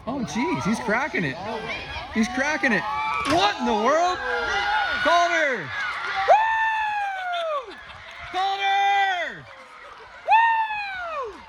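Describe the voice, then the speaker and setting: A man's voice: extremely high pitch, very slow, pauses often, over a noisy crowd, very noisy, voice pushed up, full character voice. A man cheering wildly for his son at a Little League game, filmed on a shaky phone video outdoors. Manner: excited cheering and shouting. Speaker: father cheering at a ball game. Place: outdoor ballfield.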